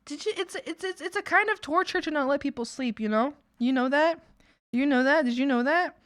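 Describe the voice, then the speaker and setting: Casual Canadian woman streamer, slightly high voice, playful and laughing, swears loosely, dry sound. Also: brisk, no room sound. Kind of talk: casual chat while drawing on stream.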